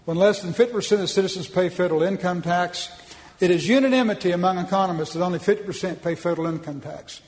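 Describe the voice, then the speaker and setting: High-voiced folksy man speaking in a hall. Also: fast, darkish tone. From Oklahoma. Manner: folksy and emphatic, with repeated restarts. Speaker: speaker at a policy conference. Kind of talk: public speech with slides.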